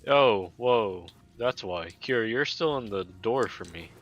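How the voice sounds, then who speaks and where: A man's voice: fairly low pitch, lively intonation, measured pace, highs cut off. A man playing with friends, talking in a hesitant, sleepy, mumbling way. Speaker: co-player. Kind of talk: casual gaming chat.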